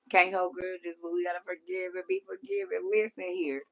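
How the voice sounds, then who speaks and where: Lively lower-voiced woman chatting on a livestream. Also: a little slow. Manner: animated, laughing often, talks back to chat. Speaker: livestream host. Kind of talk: casual live chat reading comments.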